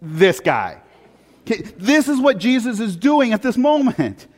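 High-voiced joking preacher in a big hall. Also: male voice, normal speed. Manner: animated and joking, with big swings from loud to very quiet. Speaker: pastor. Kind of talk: sermon.

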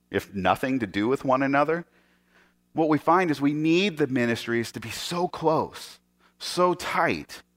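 A man preaching a sermon as a pastor, telling an animated story, acting out the voices of the people in it and often restarting his sentences. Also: mid-range voice. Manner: animated storyteller who acts out quoted voices; frequent stammered restarts.

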